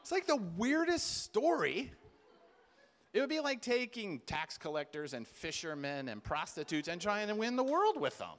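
A man giving a storytelling talk at a conference, animated and humorous, acting out the voices of people in his stories. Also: sits high, moderate pace. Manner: animated, acts out quoted voices, humorous asides. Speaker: conference speaker. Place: conference stage before a live audience.

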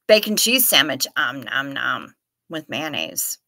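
A woman's voice: a bass voice, sing-song, a little slow, pushed and bright, dry recording. A woman with a Minnesota accent hosting a livestream, chatting casually and reading viewer comments aloud in a playful way. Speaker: livestream host.

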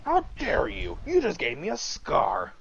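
A man's voice: sits high, huge pitch swings, unhurried, creaky, fairly bright tone, muffled recording, exaggerated voice. A man voicing a cocky, taunting male villain fighter in an amateur anime fan dub, mocking his opponents. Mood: angry. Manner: mocking, gloating.

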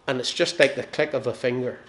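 A man in his sixties with a Northern Irish accent preaches a sermon, telling stories with gentle humour. His mid-range voice has fairly even intonation, and he lets his phrases fall soft and slow at the ends.

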